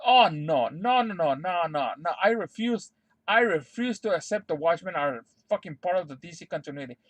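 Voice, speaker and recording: A man's voice: high voice, lively intonation, moderate pace, no room sound. A young man streaming live, ranting to his chat in a heated, exasperated way, swearing a lot and repeating his refusals over and over. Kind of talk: unscripted rant to stream chat.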